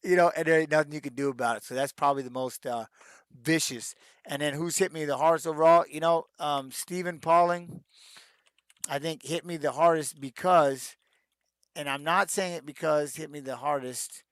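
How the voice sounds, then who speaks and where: A man's voice: on the high side, steady tone, normal speed, fairly bright tone, no room sound. A middle-aged man, a retired fighter, answering fan questions in a casual live-stream Q&A, rambling with many restarts and fillers.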